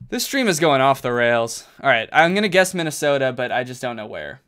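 A man streaming from a carpeted room at home, chatting casually with his viewers while he plays, and bursting into loud exclamations when he gets excited. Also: mid-range voice, clean tone. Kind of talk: casual live-stream chat while gaming.

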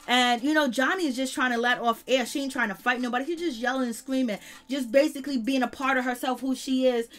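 Woman, somewhat high voice, slangy, blunt, casual reality show recap. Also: fairly even intonation, brisk, hardly any pauses. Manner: slangy and blunt, swears freely. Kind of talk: casual episode recap commentary.

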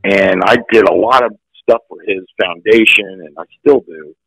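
Older man, sixties, gravelly, bright, profane storyteller, animated. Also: low voice, normal speed, dry recording, rough recording. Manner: profane, animated, acts out quotes. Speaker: actor guest. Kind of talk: casual storytelling.

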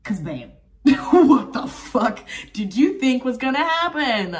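A woman in her twenties telling a storytime in a casual travel vlog, animated and profane, full of fillers and a bit sick with a cough. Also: high voice, takes it slowly, distant mic. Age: 20s. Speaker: vlogger.

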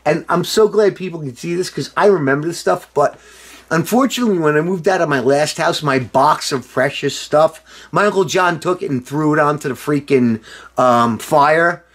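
A man's voice: a little high, normal speed. Tipsy, rambling middle-aged man. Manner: rambling and excitable, with loud outbursts and profanity. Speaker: former band member showing a reissued album. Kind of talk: casual unscripted video monologue.

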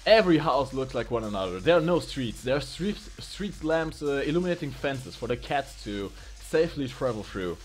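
Guy doing lively game commentary, goofy jokes, voice jumps around a lot, faint music behind. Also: mid-range voice. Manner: playful, jokey, fast banter. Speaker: esports commentator.

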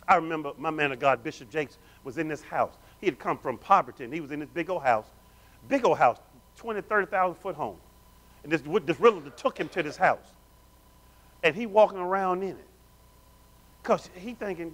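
A male pastor with a high voice and a very lively, sweeping pitch. He preaches with call-and-response, urging the congregation on as family. His volume dips from loud declarations to near-whispered asides. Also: fairly quick, pauses often. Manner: swings between loud declarations and hushed, low asides. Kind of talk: sermon. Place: church sanctuary.

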